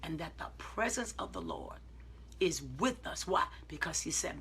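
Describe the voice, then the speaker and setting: A woman's voice: low-pitched, a little hiss or hum. A woman preacher speaking informally to online viewers, telling stories emphatically and acting out her side of conversations. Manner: swings from calm self-talk to loud, drawn-out exclamations.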